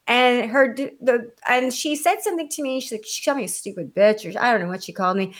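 An adult woman telling a story in casual chat, blunt and animated, swearing freely, with a condescending edge she admits to. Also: fairly high pitch, fast talker, hardly any pauses. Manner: self-described condescending.

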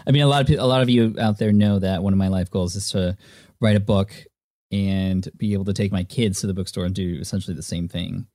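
A deep, gravelly man hosts a podcast and answers his guest with short, supportive reactions. His tone is dark and mellow, and the sound is close and dry. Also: fairly even intonation, a little fast, dry recording. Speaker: podcast host. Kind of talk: conversational interview.

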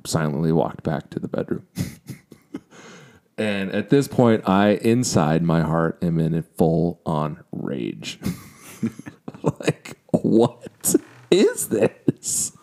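A young adult man on a podcast, casually and candidly telling a personal story with self-deprecating humor. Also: low voice. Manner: candid, self-deprecating, drops to a quiet reflective tone. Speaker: podcast co-host.

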